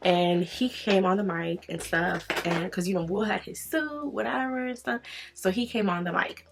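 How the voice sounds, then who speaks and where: A woman's voice: medium pitch, normal speed, gravelly. A young woman beauty vlogger chatting casually while doing her makeup, acting out her own reactions in quoted lines and filling her talk with "you know" and "like". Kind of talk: chatty get-ready-with-me storytelling.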